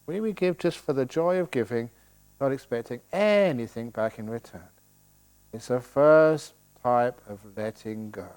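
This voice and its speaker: A man's voice: mid-range voice, expressive, a little slow, a little mellow, smooth. An older man giving a playful dharma talk at a meditation retreat, joking and laughing as he teaches.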